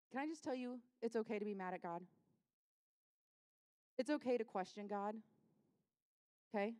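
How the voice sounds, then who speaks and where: A woman's voice: on the high side, moderate pace, long pauses, dark tone. Impassioned woman pastor, lilt. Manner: impassioned, dropping to near-whispers for tender moments; conversational, acts out voices of people and Jesus. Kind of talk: sermon. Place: church sanctuary.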